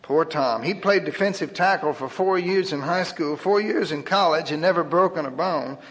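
A man's voice: fairly high pitch, moderate pace, a bit bright. Wry male storyteller in echoing hall. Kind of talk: humorous story reading. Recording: long hall reverb.

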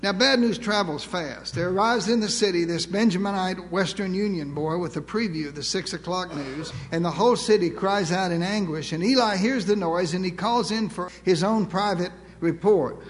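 A man's voice: sits high, moderate pace, hardly any pauses. An older man preaching a sermon to a church, folksy and humorous, drawing out words for emphasis. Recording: long reverb of a large hall.

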